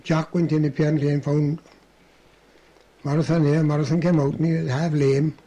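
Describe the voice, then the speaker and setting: An older man recounts his memories in a rambling, anecdotal way, often breaking off into chuckles and restarting his sentences. His voice sits a little higher than most men's, yet it has a soft, mellow tone. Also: flat delivery, moderate pace. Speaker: interviewee. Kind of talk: oral history storytelling.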